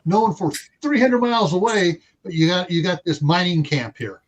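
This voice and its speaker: A man's voice: high voice, lively intonation, normal speed, lo-fi sound. A man chatting on a podcast in a rambling way, with many restarts and fillers. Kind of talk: casual podcast chat.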